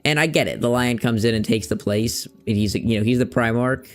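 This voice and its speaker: A man's voice: mid-range voice, fairly quick, faint music behind. A young man streaming a game, chatting casually and rambling, searching for words and using loose slang. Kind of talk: casual chat while playing a game.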